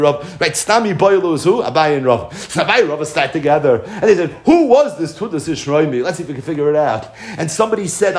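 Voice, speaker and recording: A man giving a Torah lecture, telling it with animated storytelling and frequent chuckles. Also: high voice. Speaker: Torah teacher. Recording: echoey room.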